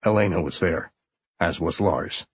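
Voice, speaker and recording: A man voicing a somber male agent supervisor who speaks in a subdued, hesitant, husky voice. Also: sits low, measured pace, no echo, pitched below the performer's own voice. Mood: grave.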